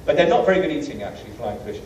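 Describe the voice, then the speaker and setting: British guy lecturing, mellow voice, self-deprecating storyteller, distant echoey hall with faint hiss. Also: a little high, sing-song, very fast. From Britain. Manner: anecdotal, self-deprecating, many fillers. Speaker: guest lecturer. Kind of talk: humorous travel lecture.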